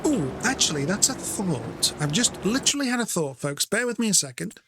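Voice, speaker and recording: A man's voice: very animated, brisk. A British man streaming a farming game, chatting casually and mocking himself, sometimes acting out his friends. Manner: chatty, self-mocking, acts out friends in high voices. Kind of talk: casual gameplay chat. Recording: game sounds and vehicle noise behind.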